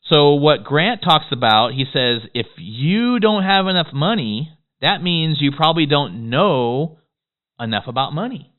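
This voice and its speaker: A man delivers a motivational business lesson in a quick, excitable rush, tagging his points with "okay?". His voice is smooth and resonant at a middle pitch. The sound is squeezed and tinny, like a phone line. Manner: fast-talking, excitable, peppers lines with "okay?". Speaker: business course instructor. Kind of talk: motivational course lecture.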